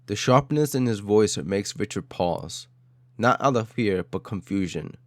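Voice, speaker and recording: A man's voice: fairly low pitch, expressive, measured pace, no echo. A man narrating an audio story in a dramatic style, with short, clipped phrases.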